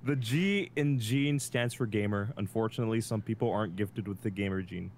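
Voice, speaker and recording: A man's voice: on the low side, fairly quick, darkish tone, slight background noise. A young man streaming, chatting casually with dry, teasing jokes. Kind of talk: casual gaming stream chat.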